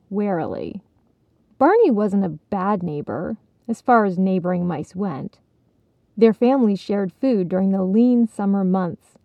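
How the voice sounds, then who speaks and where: A woman narrating a children's storybook in a measured, gently expressive way, in a dull, dry recording. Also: mid-range voice, creaky, no room sound.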